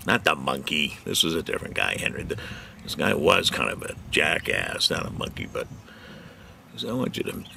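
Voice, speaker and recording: A man's voice: very deep voice, big pitch swings, moderate pace, gravelly, sharp tone, a little hiss or hum. A middle-aged man hosting his own segment, telling rambling folksy jokes with lots of fillers and chuckling at his own punchlines. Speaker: host of a community show segment. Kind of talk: rambling joke-telling monologue.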